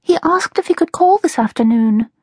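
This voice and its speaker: A woman voicing an excitable, dramatic young woman in an audiobook, speaking high and breathless with sighs. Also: normal speed, husky, no echo, clean studio sound. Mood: wistful. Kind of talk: audiobook character voice.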